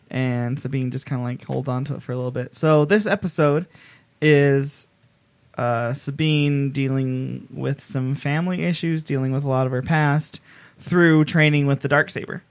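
A man's voice: on the high side, clean tone, no room sound. A man co-hosting a casual podcast, recapping with enthusiasm. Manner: enthusiastic recapping, fillers and restarts. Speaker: podcast co-host. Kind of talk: casual chat.

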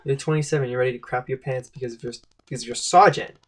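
A man's voice: mid-range voice, steady tone, very fast. A man hosting a comedy podcast sketch, asking fumbling, stammering interview questions. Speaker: podcast host.

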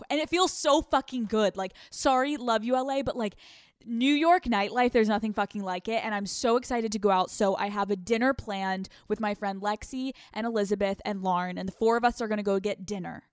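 A young American woman hosting a solo podcast, brash and profane, swinging from loud bursts to hushed asides. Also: medium pitch, a little fast, clear, resonant tone, dry recording, clean studio sound. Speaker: podcast host.

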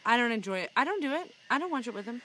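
A woman's voice: on the high side, big pitch swings, racing. A woman speaking as a podcast guest, chatting casually with wry humor and laughter. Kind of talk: casual chat. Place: house at night, frogs and crickets outside. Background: faint ambient night noise.

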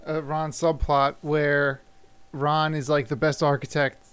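A man's voice: on the high side, flat delivery, a little slow, a bit bright, clear, resonant tone. A man co-hosting a podcast, joking and riffing on the guest's story. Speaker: podcast co-host. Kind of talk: casual podcast chat.

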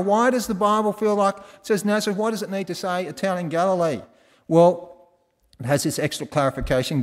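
A man's voice: high-pitched, long reverb tail. A man with an Australian accent preaching a conversational sermon, quizzing the congregation with folksy asides. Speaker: pastor. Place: large church hall.

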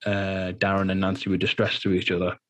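A man giving a personal interview testimony in a halting, earnest way, full of fillers and restarts, sounding nervous. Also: sits low, completely flat delivery. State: nervous, anxious while speaking. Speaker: guest.

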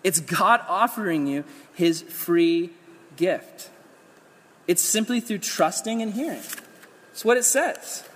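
High-voiced man preaching in a big hall. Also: takes it slowly, slightly rough. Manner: energetic, conversational preaching with playful asides. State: losing his voice. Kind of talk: sermon.

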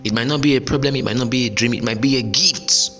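A man's voice: medium pitch, fast, pushed and bright, big-room sound, faint music behind. A man hosting a solo podcast and giving motivational career advice in an emphatic, repetitive, preacher-like way. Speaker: podcast host.

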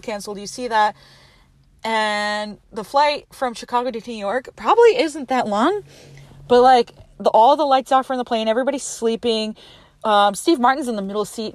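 A woman casually retelling a movie plot in a chatty, animated way. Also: fairly high pitch, no room sound. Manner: chatty, animated, quotes characters with voices. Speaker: movie recapper.

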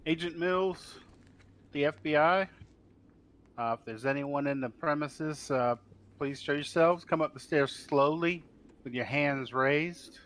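A man playing in a tabletop game, speaking in character in a deliberate, commanding way. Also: fairly high pitch, fairly bright tone. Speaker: player.

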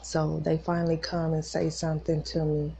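A woman's voice: sits low, monotone, moderate pace, vocal fry, mellow, slight background noise. A woman podcast host telling a personal faith testimony in a casual, emotional way, acting out the voices of the people in her story. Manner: emotional, acts out quoted voices.

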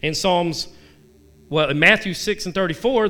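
This devotional vlogger, a married man, speaks in an unhurried, high, bright voice with a forceful tone. His talk is casual: he reads scripture aloud, pokes fun at himself candidly, and questions his audience directly.

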